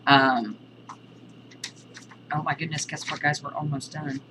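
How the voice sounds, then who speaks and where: A woman teaching a casual video lesson on witchcraft terms, explaining in a halting, list-like way. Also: deep voice, fairly even intonation, background noise.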